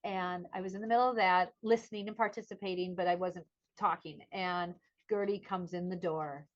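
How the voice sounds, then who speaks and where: In a casual podcast conversation, a middle-aged woman co-host animatedly relates a story, acting out quoted voices. She speaks at a moderate pace in a fairly low pitch with a steady tone, and the audio sounds dull.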